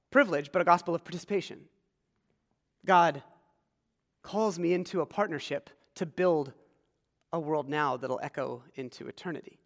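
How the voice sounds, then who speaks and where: A man's voice: a little high, fairly bright tone, long reverb tail. A man from rural Pennsylvania preaching a conversational sermon in a church, quizzing the congregation. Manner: conversational, engages congregation with questions. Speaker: pastor. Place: church sanctuary.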